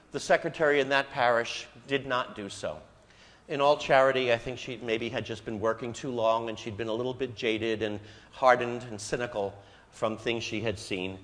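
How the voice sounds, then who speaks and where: Priest preaching in a reverberant church. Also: male voice, medium pitch. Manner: conversational, retells quotes with lively inflection. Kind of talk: sermon with storytelling.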